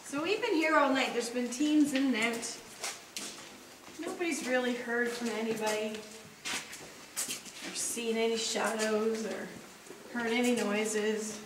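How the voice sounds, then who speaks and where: A woman makes earnest, pleading appeals for a spirit to give a sign. Her fairly high voice sounds set back from the mic in an echoey room, with clear noise behind her. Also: steady tone, measured pace, pauses often, distant mic. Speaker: paranormal investigator. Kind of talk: calling out to spirits. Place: large empty building at night.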